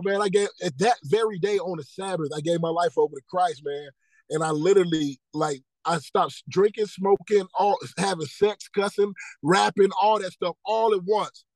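A man's voice: sits high, dry recording, low-quality recording. A man, a podcast guest telling his life story earnestly, repeating key phrases and acting out the dialogue. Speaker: podcast guest, motivational speaker. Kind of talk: personal testimony in casual interview.

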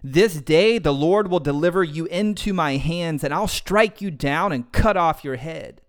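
A man voicing a calm, bold young shepherd hero in a retold Bible story, using slangy modern speech. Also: a little high, unhurried, smooth, voice pushed up, lightly acted. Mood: defiant. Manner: slangy, casual modern phrasing.

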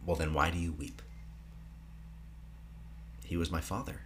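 Man, podcast co-host, very low voice, dramatic plot retelling with hushed moments, faint hum. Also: steady tone, measured pace. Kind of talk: casual film recap podcast.

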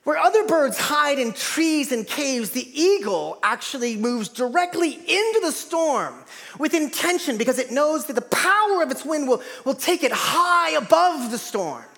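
A man preaching a sermon in a church, dynamic, swinging from loud to hushed. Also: extremely high pitch, lively intonation, measured pace, gravelly, long reverb tail. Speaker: pastor. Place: large church hall.

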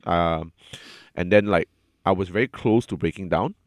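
A man with a fairly low voice talks openly and earnestly in a casual conversation. He stumbles and repeats words as he works through what he wants to say. The sound is dry, with almost no room echo. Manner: earnest, halting, repeats words when upset. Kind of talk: casual candid chat.

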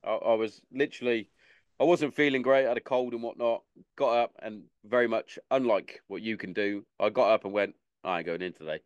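A man's voice: medium pitch, steady tone, brisk, smooth, no echo, dull audio. A man hosting a casual podcast interview, talking loosely and repeating words as he goes. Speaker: podcast host.

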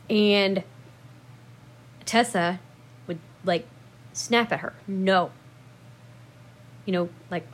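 A woman casually telling memories about her dogs in a rambling, profane way, laughing at herself and jumping up loud when she acts out what people said. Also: fairly low pitch, slight background noise. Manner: acts out quoted lines with sudden loud bursts. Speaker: dog owner telling memories. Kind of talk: casual storytelling to camera.

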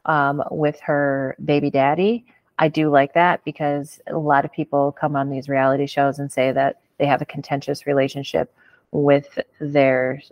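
A woman's voice: deep voice, level tone, moderate pace, darkish tone, dry recording, highs cut off. A woman hosting a casual reality-show recap chat, blunt and frank, swearing as she gives her opinions. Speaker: podcast host.

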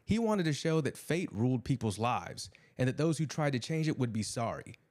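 A man voicing a weary, troubled middle-aged traveler who speaks low and gravely. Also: sing-song, moderate pace, a little mellow, lightly acted.

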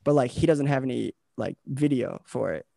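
Laid-back gravelly young male podcast host. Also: mid-range voice, moderate pace, mellow, no echo, clean studio sound. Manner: rambling, laid-back, lots of filler words and dudes. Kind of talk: casual podcast chat.

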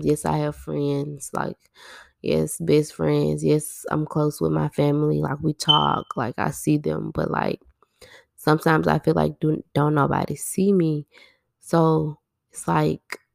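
A woman's voice: deep voice, vocal fry, dry recording, clean studio sound. A woman, musing candidly and at length in a personal monologue, packed with "like". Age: 20s. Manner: rambling, heavy use of "like", candid and self-reflective. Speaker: podcast host.

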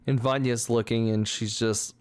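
A man's voice: medium pitch, steady tone, normal speed, slight background noise. A man narrating as a tabletop game master, rambling with many likes and ums.

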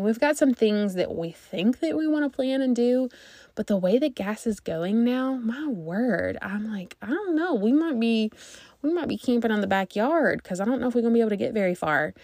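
A woman's voice: medium pitch, no echo, clean studio sound. A woman in her thirties, a mom vlogger chatting casually to her viewers, rambling and thinking aloud.

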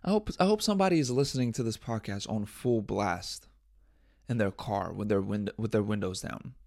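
Fairly low in pitch, gravelly and darkish, a man speaks at normal speed while hosting a solo podcast. His style is relaxed and meandering, with jokes, plenty of swearing, and self-talk, in a dry, studio-quality recording.

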